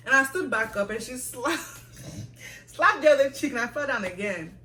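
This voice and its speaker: A young woman from the United States telling a story in a casual vlog Q&A, animated and quick to laugh. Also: fairly high pitch, roomy sound, distant mic, rough recording. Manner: animated, acts out quoted voices, laughs often. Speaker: vlogger.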